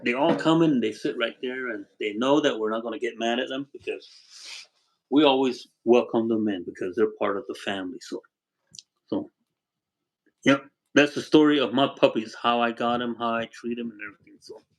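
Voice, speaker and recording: Older man, livestream host, relaxed rambling chat from home, medium pitch, thanks viewers one by one. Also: normal speed, low-quality recording. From Arizona. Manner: rambling, warm storytelling, thanks viewers by name. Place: home with a wood stove.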